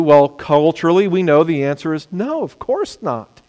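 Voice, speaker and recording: A man preaching a sermon, animated, sometimes acting out the words of people he quotes. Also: fairly high pitch, normal speed. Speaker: pastor. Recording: long hall reverb.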